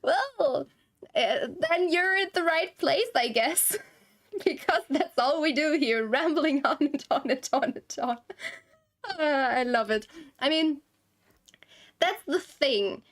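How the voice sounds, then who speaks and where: High-voiced, unhurried rambling woman streamer. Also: expressive. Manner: rambling, giggly and self-conscious. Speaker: game streamer. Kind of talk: casual stream chat. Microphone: desktop streaming mic, no camera.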